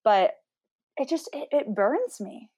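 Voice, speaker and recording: A woman's voice: sits high, big pitch swings, slow pace, dark tone, husky. A young woman, a podcast guest, talking earnestly and with passion in a rambling, casual interview.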